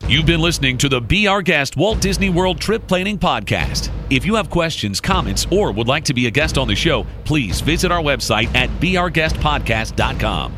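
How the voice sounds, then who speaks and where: A man reading a podcast's recorded outro announcement in a measured, formal way. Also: fairly high pitch, expressive, noisy background. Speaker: show announcer. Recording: announcer over music, set back from the mic.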